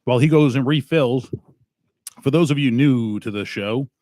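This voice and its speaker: A man hosting a podcast chat, cursing casually as he goes. He speaks at a medium pitch, and the recording is dry and close. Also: moderate pace, darkish tone, dry recording. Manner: crude, swears freely. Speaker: podcast host.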